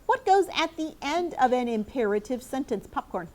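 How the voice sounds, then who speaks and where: Middle-aged female teacher, higher pitch, clear and encouraging classroom delivery. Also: sing-song, normal speed, darkish tone. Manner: clear, encouraging, calls on students by name. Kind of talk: classroom lesson for students and viewers.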